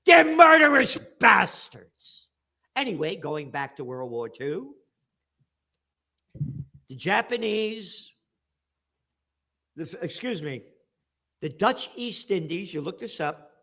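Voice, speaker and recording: A man giving ranting political commentary as an interview guest, sarcastic, with bursts of shouting. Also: high-pitched, big pitch swings, slow pace, long pauses.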